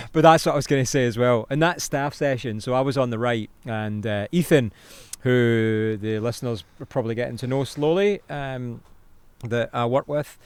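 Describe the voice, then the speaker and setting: A young Scottish man co-hosting a podcast, telling animated stories in casual chat, laughing often and swearing. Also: medium pitch, moderate pace, smooth, no echo. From Scotland. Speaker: podcast co-host.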